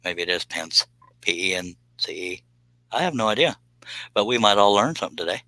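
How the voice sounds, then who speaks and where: A man's voice: lowish voice, animated, a little fast, pushed and bright, dry recording, rough recording. A man chatting casually on a live stream, reading viewer comments and joking around with a rambling, laugh-prone manner. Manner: joking, rambling, laughs at his own jokes.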